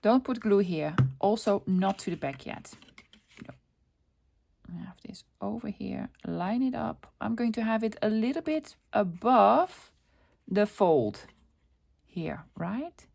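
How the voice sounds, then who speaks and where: A middle-aged woman hosts a casual crafting video in a relaxed, running chatter. She talks to herself as she works, asks and answers her own questions, and breaks into easy laughs. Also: medium pitch, slow, gravelly, a little hiss or hum. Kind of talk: casual crafting tutorial chat.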